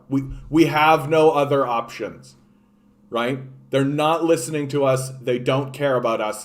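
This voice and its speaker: A man ranting about politics on a livestream, impassioned and full of swearing. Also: mid-range voice. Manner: impassioned, profane, repetitive. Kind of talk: unscripted political rant.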